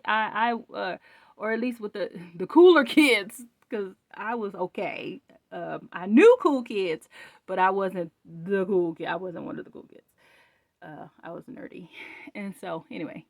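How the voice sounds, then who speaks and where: A woman hosting her own channel, sharing a spoken faith testimony in a rambling, animated way with many restarts. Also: medium pitch, no echo, clean studio sound.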